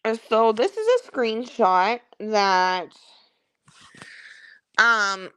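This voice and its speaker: Woman, casual livestream gossip host, slow, rambling, swears freely, close dry phone audio. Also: mid-range voice, fairly bright tone, clear, resonant tone, no room sound. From Kentucky.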